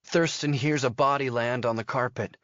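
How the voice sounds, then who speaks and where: A man narrating a thriller audiobook in a steady, measured storytelling manner. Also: mid-range voice, dry recording, muffled recording. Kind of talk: scripted narration.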